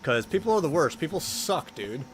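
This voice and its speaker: A man's voice: a little high, big pitch swings, normal speed, a little hiss or hum. A man playing a horror video game and commenting as he goes, talking to the characters and yelping when startled. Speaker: let's-play host.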